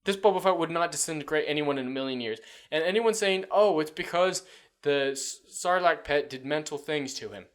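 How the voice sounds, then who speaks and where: A man's voice: mid-range voice, fairly bright tone. A man hosts a reaction commentary, reading lines from an article and tearing into them. His delivery is sarcastic and profane, with blunt, ranting asides. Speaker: commentary channel host.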